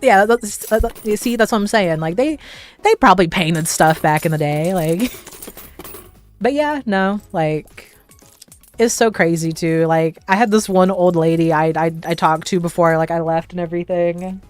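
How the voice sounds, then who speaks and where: A young woman hosts a livestream, rambling through casual stories full of "like" fillers and frequent laughter. Her voice is fairly low and moderately paced, with faint music in the background.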